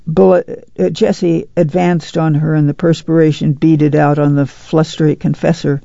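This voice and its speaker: An audiobook reader narrating a novel in a plain, measured storytelling voice. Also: mid-range voice, flat delivery, gravelly, warm tone, no echo, highs cut off.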